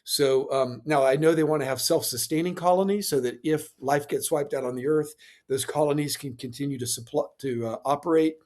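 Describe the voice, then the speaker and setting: A man's voice: a little high, fairly quick, a little mellow. A man answering as an interview guest, explaining step by step in a lecturing way with fillers and restarts. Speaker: space industry guest.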